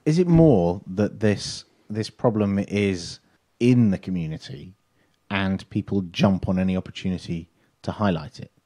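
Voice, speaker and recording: A British man with a low, mellow voice chatting on a podcast panel. He asks questions, pokes fun at the others and laughs easily. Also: measured pace. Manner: questioning, teasing, laughs often. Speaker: podcast co-host. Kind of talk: casual panel chat.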